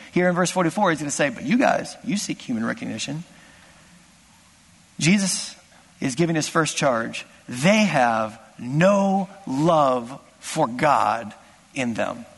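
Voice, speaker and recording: A man preaching a sermon as pastor, impassioned, swinging from loud exclamations to hushed asides. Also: fairly high pitch, long reverb tail.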